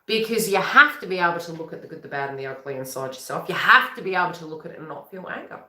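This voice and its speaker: A woman, a psychic reader, talking casually to camera in a rambling, chatty way, breaking into quick laughs. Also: fairly low pitch, expressive, sharp tone, reverberant. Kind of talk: casual spiritual talk to camera.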